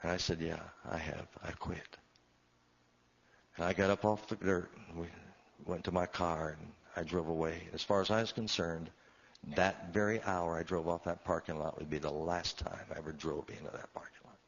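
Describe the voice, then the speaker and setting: A very low-voiced man preaching his own story from the pulpit. His delivery swells and sinks with feeling, and the recording sounds dull and muffled. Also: fairly even intonation, brisk, creaky, a little hiss or hum. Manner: emotional storytelling, voice swelling and dropping. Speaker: pastor. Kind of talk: sermon testimony.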